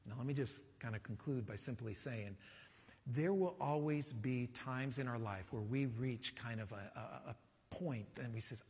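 A man preaching a sermon as pastor, talking in a conversational, animated way and asking the congregation rhetorical questions. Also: mid-range voice, normal speed, breathy edge, in a large hall.

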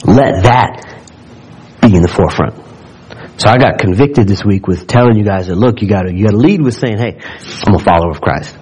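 Husky low-voiced guy preaching in church, reads scripture and gets fired up. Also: expressive, brisk, a little mellow, poor audio. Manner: preaching with rising fervor, reading scripture aloud. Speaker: pastor. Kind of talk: sermon.

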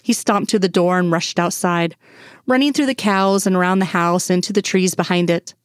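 A woman narrates fan fiction in a steady, even manner. Her voice sits somewhat low for a woman. The recording is dry and close with no room sound. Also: normal speed, no echo. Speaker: audiobook reader.

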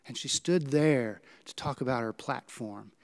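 A male pastor, preaching a sermon and telling stories with dramatic swings in pitch and volume. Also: a little slow.

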